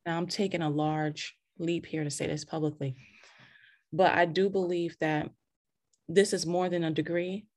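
A woman hosting a casual faith talk, animated and preachy, with many restarts and scripture quotes, heard over a video call. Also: deep voice, moderate pace. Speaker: podcast host.

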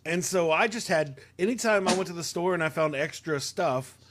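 A young adult man telling stories in a casual, animated chat, full of fillers. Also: a little high, moderate pace, noisy background. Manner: animated, storytelling, many "like" fillers.

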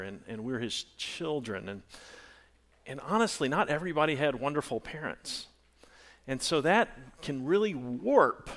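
A male pastor delivering a sermon in a church, his voice swinging widely up and down as he preaches. He speaks at an unhurried pace, drawing out key phrases, then breaks into loud, excited bursts. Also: fairly high pitch.

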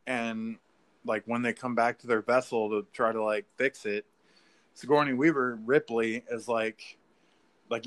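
Casual male co-host, excitable, filler-heavy, swears freely; mid-pitched everyday voice. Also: measured pace. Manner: rambling, profane, filler-heavy, says "like" and "dude"; excitable storytelling. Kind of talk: casual chat.

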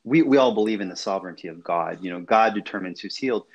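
A man's voice: fairly low pitch, fast, husky, muffled recording. A man hosting a discussion, talking casually and hesitantly, often repeating words. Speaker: host.

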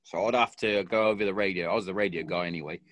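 A man's voice: sits low, rapid-fire, fairly bright tone. A man and army veteran, telling a war story in casual chat with a lot of swearing and acted-out quotes.

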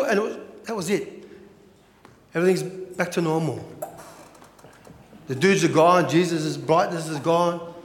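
A man preaching a sermon as pastor, animated and full of rhetorical questions. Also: fairly high pitch, measured pace, pauses often, roomy sound, long reverb tail.

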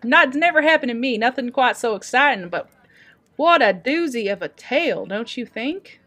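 A woman's voice: a little high, lively intonation, moderate pace, fairly bright tone, pitched above the performer's own voice. A woman playing a folksy wandering storyteller. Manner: folksy drawl, dramatic storytelling. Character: folksy traveling adventurer telling tales. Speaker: player character storyteller. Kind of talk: improvised tabletop role-play.

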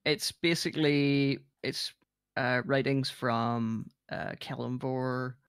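A man's voice: medium pitch, fairly even intonation, slow, a bit bright, clear, resonant tone, no room sound, studio quality. A man playing in a tabletop game, rambling and hesitant as he explains. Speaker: player. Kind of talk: casual tabletop play.

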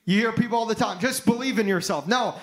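Pastor, high-pitched man, emphatic fervent sermon delivery. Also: fast, a bit bright, poor audio. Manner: emphatic preaching, rising to fervent exclamations.

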